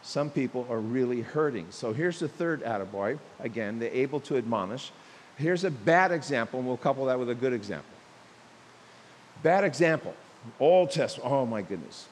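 A man preaching a sermon, telling stories and acting out quotes with lively emphasis. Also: mid-range voice, moderate pace. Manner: animated preaching with acted quotes and storytelling. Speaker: pastor. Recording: long hall reverb with faint hiss.

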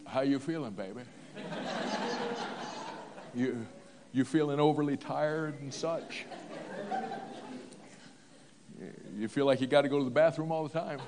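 A man's voice: mid-range voice, moderate pace, long pauses, crowd noise, background noise, close to an everyday voice. A man voicing an old husband who answers hesitantly and sheepishly. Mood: teasing.

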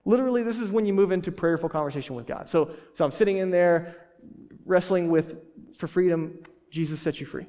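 A man's voice: high voice, fairly quick, dark tone. Casual joking pastor, man, hall echo. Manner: casual, joking, many fillers and restarts. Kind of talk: sermon. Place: church hall. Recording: reverberant church hall.

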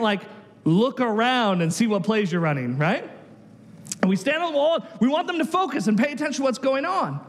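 A man preaching a sermon as pastor, an animated storyteller who acts out the voices he quotes. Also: high voice, long reverb tail.

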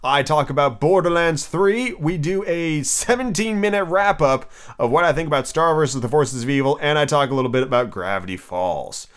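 A man hosting his own podcast and reading a storybook aloud, upbeat and animated. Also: on the high side, fairly quick, few pauses, clean tone. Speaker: podcast host and reader.

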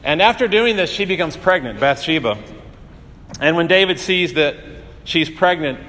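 A male pastor delivering a sermon, telling stories earnestly with dramatic pauses and rising emphasis. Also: fairly high pitch, lively intonation, sharp tone, long reverb tail, slight background noise.

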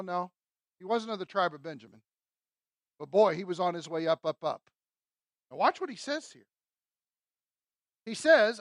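A woman's voice: mid-range voice, no echo. A woman teaching a sermon through a Bible passage, emphatic and conversational, often asking her listeners rhetorical questions. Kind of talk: expository sermon.

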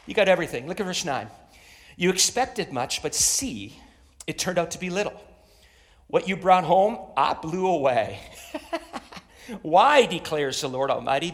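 A man's voice: on the high side, fairly bright tone. A middle-aged man preaching a sermon as pastor, emphatic, repeating phrases and rallying his congregation. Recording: long reverb of a large hall.

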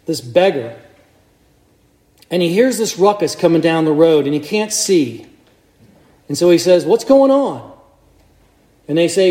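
A man's voice: sits high, dark tone, roomy sound. A man preaching a sermon to a congregation in a conversational way, putting questions to his listeners. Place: church.

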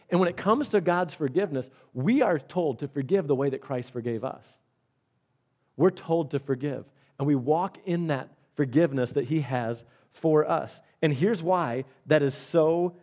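A man's voice: on the high side, darkish tone. A man preaching a conversational sermon, reading scripture and explaining it with everyday examples, sometimes repeating words. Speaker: pastor.

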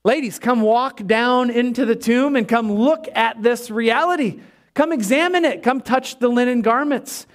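A man's voice: extremely high pitch, normal speed, pitched above the performer's own voice. A man preaching a sermon voices an angel at a tomb, eagerly inviting women to look.

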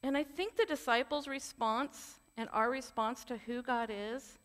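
A woman's voice: on the high side, unhurried, fairly bright tone. A woman giving a sermon in an earnest, conversational way, with candid personal asides. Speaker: preacher. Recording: long hall reverb.

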